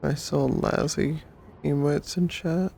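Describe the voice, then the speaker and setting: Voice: medium pitch, steady tone, slow, vocal fry, a little mellow, slight background noise. A livestreamer in sleepy, teasing casual chat, greeting viewers.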